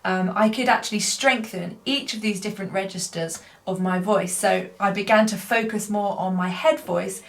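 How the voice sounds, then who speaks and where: A woman's voice: mid-range voice, moderate pace, vocal fry, few pauses. Woman explaining singing registers. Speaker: singer, guest co-presenter. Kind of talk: casual lesson.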